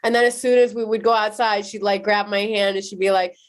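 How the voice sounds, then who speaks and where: A woman from Iran, a podcast guest, telling personal stories in an animated way with many "like" fillers. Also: medium pitch, a little fast. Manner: animated, frequent "like" fillers, acts out quoted people. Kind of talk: personal storytelling in conversation.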